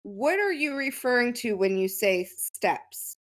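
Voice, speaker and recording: Woman co-host chiming in, kinda high voice, playful and curious. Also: animated, unhurried. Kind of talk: casual chat.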